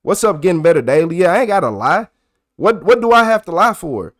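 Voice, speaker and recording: A young man telling a story to his live chat in a casual, profane way, getting loud and worked up as he retells it. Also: high voice, sing-song, fairly quick. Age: young adult. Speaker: livestreamer.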